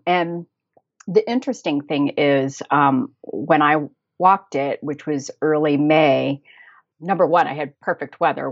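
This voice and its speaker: A woman's voice: low voice, no echo, muffled recording. An American woman telling travel stories as a guest. She talks chattily, laughs often and fills her sentences with fillers and restarts. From United States. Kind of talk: casual conversational storytelling.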